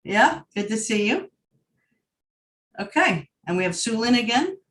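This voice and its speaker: A woman's voice: fairly high pitch, big pitch swings, unhurried, a bit bright, recorded from a distance, low-quality recording. Long Island woman hosting a video call. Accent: Long Island New York. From Long Island, New York. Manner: friendly, welcoming, chatty. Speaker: host. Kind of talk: online group event hosting.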